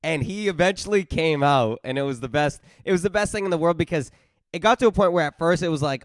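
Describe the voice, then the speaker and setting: A man's voice: a little high, fast talker, dry recording, studio quality. A man hosting an interview podcast, friendly and chatty, often restarting his phrases as he tells stories. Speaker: podcast host.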